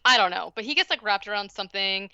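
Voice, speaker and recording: A woman's voice: mid-range voice, expressive, fast, sharp tone, clean tone, dry recording, lo-fi sound. A woman co-hosting a podcast, casually recapping a movie in a rambling way, full of fillers and giggles. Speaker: podcast co-host.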